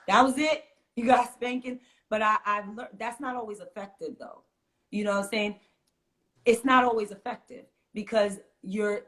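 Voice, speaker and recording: A middle-aged woman, a mother and teacher, talking earnestly in an interview and acting out what she says to kids. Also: mid-range voice. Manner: earnest, animated storytelling, acts out quotes. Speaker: guest, fitness teacher and mother. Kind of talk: conversational interview.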